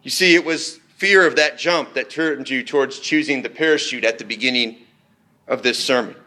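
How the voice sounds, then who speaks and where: A man preaching a sermon in an earnest, measured way, slowing down for emphatic phrases. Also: medium pitch, bright, forceful tone.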